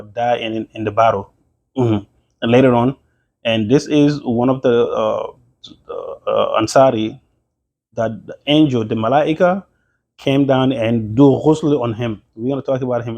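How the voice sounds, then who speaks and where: A man's voice: medium pitch, a little mellow. A man giving an informal religious history lesson, talking conversationally with many fillers and restarts. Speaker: religious teacher.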